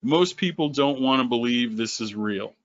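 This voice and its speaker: A man who founded a company, running a sales webinar in an animated, sarcastic way. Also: dull audio. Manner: animated, sarcastic, quick swings in pitch.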